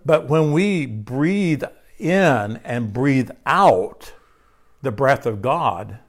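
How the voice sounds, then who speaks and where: A man's voice: medium pitch, animated, very slow. A man preaching a sermon in a conversational way, asking his listeners questions and repeating key phrases. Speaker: pastor.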